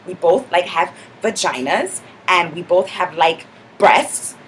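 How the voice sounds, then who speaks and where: A woman with a low, animated voice takes her time over slight background noise. In this character comedy vlog, her monologue character is a sassy young clubgoer who chats in mock indignation, cramming "like" into every sentence.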